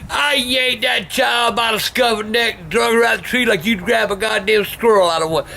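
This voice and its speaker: An older man telling profane stories that break into shouting rants. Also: sits high, normal speed, vocal fry, loud music behind the voice. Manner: cursing constantly, bursts into shouting. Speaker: vlog host telling stories. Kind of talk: profane storytelling rant.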